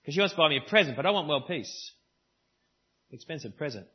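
A man's voice: fairly high pitch, expressive, fast talker, breathy edge, lo-fi sound. A man preaching a sermon at a church service, in a conversational style with varied emphasis. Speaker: pastor.

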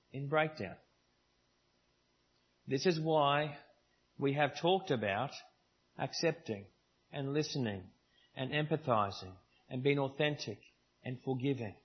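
Husky-voiced preacher in a lo-fi church recording. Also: male voice, medium pitch. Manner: conversational preaching with varied emphasis. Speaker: pastor. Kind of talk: sermon. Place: church service.

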